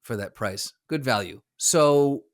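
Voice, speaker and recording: Casual male co-host telling a story at a middle pitch, loose and chatty. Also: expressive, slow, no room sound, studio quality. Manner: storytelling, rambling with fillers and laughs. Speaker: podcast co-host. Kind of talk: casual chat.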